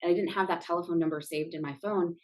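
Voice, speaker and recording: Woman, Texan accent, lowish pitch, family law attorney, casual podcast chat, storytelling. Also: fast talker. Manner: storytelling, animated when quoting.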